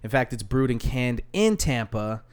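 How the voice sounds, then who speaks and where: A man's voice: mid-range voice, big pitch swings, normal speed, clean tone. A man co-hosting a casual podcast, chatting and joking about a local beer. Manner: joking, mock-announcer openings. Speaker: podcast co-host. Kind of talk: casual chat.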